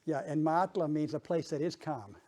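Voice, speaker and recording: An older man giving an informal presentation to a small group, halting, with many restarts and repeated words. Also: on the high side, warm tone. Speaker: guest speaker. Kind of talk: informal presentation with audience chat.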